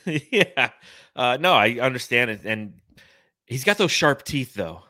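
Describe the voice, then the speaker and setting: A man's voice: mid-range voice, big pitch swings, slow pace, bright, forceful tone, no room sound, clean studio sound. A man hosting a casual sports podcast, joking and blunt with some swearing, reading viewer comments from a live chat. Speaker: podcast host.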